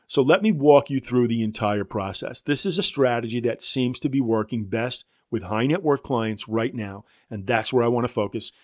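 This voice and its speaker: A man's voice: mid-range voice, moderate pace, hardly any pauses, darkish tone. Blunt, chatty male sales trainer. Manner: conversational, storytelling, blunt asides. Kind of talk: instructional talk to an audience.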